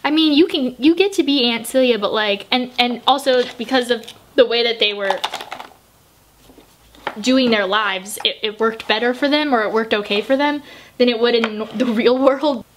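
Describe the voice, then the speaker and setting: A woman's voice: on the high side, moderate pace, slight background noise. A young woman talking casually as a book vlogger. She gushes emotionally and swears freely while doing her makeup. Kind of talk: casual book review chat.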